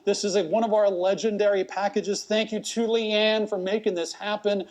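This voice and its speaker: A man's voice: high voice, level tone, a little mellow. A man hosting a live online charity auction, hyping items, calling bids and joking with viewers. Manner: upbeat, fast-talking, joking hype. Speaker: auctioneer host.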